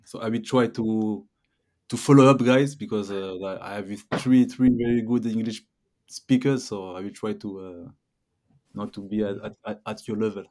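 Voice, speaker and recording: A man's voice: on the low side, darkish tone. Hesitant man speaking careful English. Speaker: podcast co-host. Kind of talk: casual chat.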